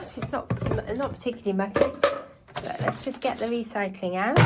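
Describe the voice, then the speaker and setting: A woman's voice: on the high side, heavy background noise. A woman chatting casually while she cleans her house, a bit out of breath and scattered as she narrates each task. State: slightly out of breath. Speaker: home cleaning vlogger. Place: house, indoors.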